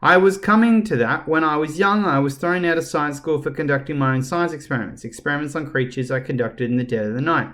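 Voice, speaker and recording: A man's voice: on the high side, fast, few pauses, a bit bright, close to an everyday voice. A man putting on a purring, hissing evil lady doctor. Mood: bitter explaining. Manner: purring, hissing, mock-polite. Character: evil female doctor, scheming and cruel.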